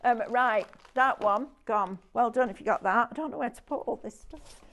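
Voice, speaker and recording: A woman's voice: fairly high pitch, normal speed, a bit bright. A woman presenting a live shopping show, chatty and gushing as she praises each product. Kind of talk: live sales demonstration.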